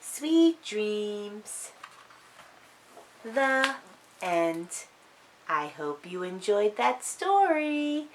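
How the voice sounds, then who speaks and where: Lady reading a kids story, slow and sing-songy, bright. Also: a little high, a little hiss or hum. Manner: sing-song, expressive.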